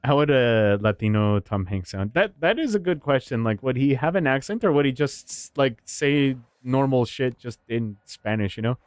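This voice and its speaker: Guy streaming a horror game, talks loose and animated, swears a lot, laughs, dry close mic. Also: mid-range voice, normal speed, hardly any pauses, no room sound. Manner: animated, swearing, laughs often, jumps into voices. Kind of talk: casual gaming stream chat.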